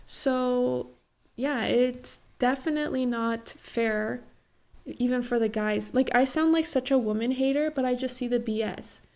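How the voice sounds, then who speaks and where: A young woman rambles through a casual reaction vlog, her voice gravelly with fry. She is still teary after crying and fills her talk with "like.". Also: a little high, unhurried, darkish tone. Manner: emotional, rambling, many "like" fillers. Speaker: vlogger reacting to a talk show.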